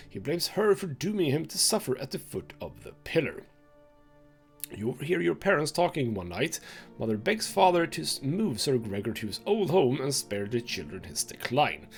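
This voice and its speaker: A man playing a narrative game, reading its story text aloud and thinking out loud about his choices, with mild swearing. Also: on the high side, creaky. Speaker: gaming channel host.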